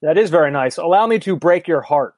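A man's voice: on the high side, lively intonation, a little fast, darkish tone, no room sound. Candid rambling man, dry close sound. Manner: candid, rambling, self-deprecating. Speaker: podcast co-host. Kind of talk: casual chat.

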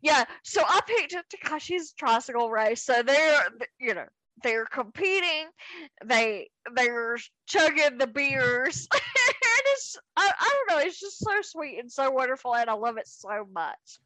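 A woman's voice: sits high, lively intonation, unhurried, sharp tone, no room sound, low-quality recording. A woman guest on a podcast in casual chat, gushing and giggly.

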